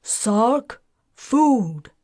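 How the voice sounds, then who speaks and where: A woman voicing Ariel, a shrewd, mocking female underworld boss with a wry, smooth manner, in an audiobook. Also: fairly low pitch, takes it slowly, darkish tone, dry recording, studio quality.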